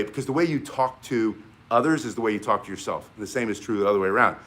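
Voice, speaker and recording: A man's voice: medium pitch, steady tone, very fast, a bit bright. A middle-aged man teaching a martial arts class in a casual, encouraging way, rambling with fillers and restarts.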